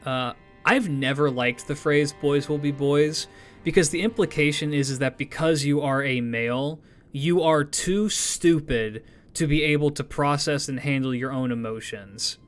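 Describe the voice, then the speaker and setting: Man, streamer, rambling casual chat, swears a lot, slightly high voice, faint music underneath. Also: measured pace. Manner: animated, swearing, rambling opinions.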